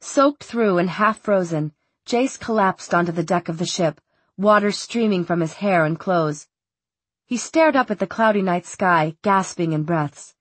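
A woman narrating a novel in a measured, steady way, on a close studio mic. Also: lowish voice, husky, no room sound. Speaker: audiobook narrator. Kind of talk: scripted narration.

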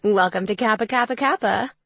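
A woman's voice: medium pitch, a little fast, fairly bright tone, dry recording. A woman voicing a saucy, coy young sorority leader who schemes. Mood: smug.

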